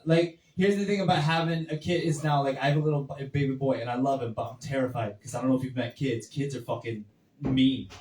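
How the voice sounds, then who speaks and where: A man's voice: mid-range voice, steady tone, fast, a little mellow, slight background noise. Young man doing stand-up in a roomy basement. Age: 20s. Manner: rambling, filler-heavy delivery with acted quotes. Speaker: stand-up comic. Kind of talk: stand-up set. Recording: roomy, far from the mic.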